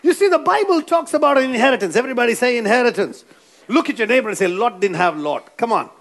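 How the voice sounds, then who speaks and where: A man's voice: extremely high pitch, expressive, quick pace, a bit bright. A man preaching a sermon, emphatic and repetitive, who keeps prompting the congregation to answer back. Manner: emphatic, repeats phrases, prompts the congregation for amens.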